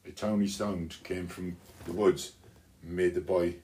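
A man telling a children's story aloud, unhurried, with small restarts. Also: deep voice, flat delivery, darkish tone, a little hiss or hum.

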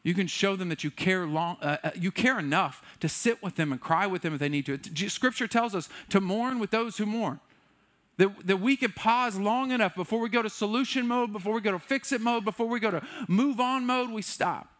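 A man preaching a sermon as a pastor, candid and self-deprecating, shifting between lively bursts and quiet earnest passages. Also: high voice, fairly quick.

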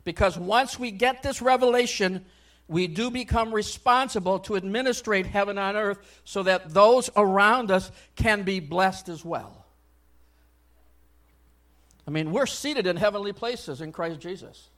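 High-voiced man preaching a sermon. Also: a little slow. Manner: swings between loud exhortation and soft near-whispered asides; conversational, frequent "I mean" and "you know". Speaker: pastor.

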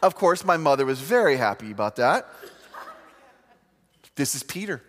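A man's voice: fairly high pitch, very animated, normal speed, fairly bright tone, long reverb tail. A man preaching a sermon, telling stories with humor and acting out quoted voices.

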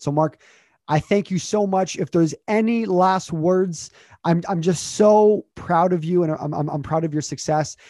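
Motivational host, male, upbeat, slightly higher voice, mellow tone, dry close sound. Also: dry recording. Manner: energetic, repeats himself, builds questions. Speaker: communication coach. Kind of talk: motivational interview chat.

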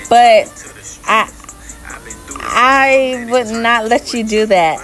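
An adult mother vlogs, answering viewer questions candidly in a slightly high, somewhat bright voice. She speaks slowly and deliberately, frank and opinionated, often breaking into laughter, with soft music behind her.

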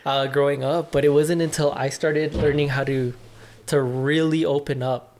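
Candid and casual, the young podcast guest reflects aloud, using lots of fillers and a bit of profanity. His voice is on the high side and darkish, with fairly even intonation at a normal speed.

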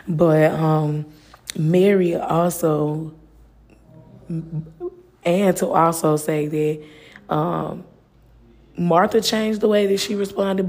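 Podcast host: a woman with a low, gravelly, flat voice, earnest and personal, casual faith talk. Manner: earnest, personal, with frequent fillers.

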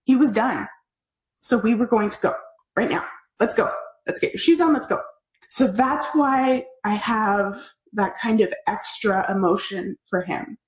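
A woman hosting a live online parenting class, talking in an animated, chatty way as she answers viewer comments. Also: medium pitch, a little slow. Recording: echoey room.

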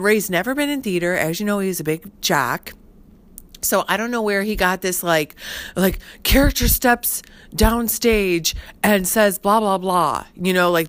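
A middle-aged woman telling a rambling personal story in casual chat, full of "like" and "you know". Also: medium pitch. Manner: chatty, heavy use of fillers like "like" and "you know". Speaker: podcast host.

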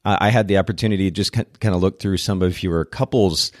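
A man's voice: low voice, fast, no echo, clean studio sound. A man hosting a podcast interview, talking in an effusive, casual way with frequent restarts. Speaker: podcast host.

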